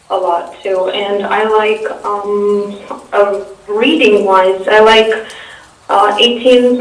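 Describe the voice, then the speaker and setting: A young woman from Eastern Europe with a Russian accent, answering interview questions casually and hesitantly, with many fillers and restarts. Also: mid-range voice. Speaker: interview guest. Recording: echoey room, far from the mic.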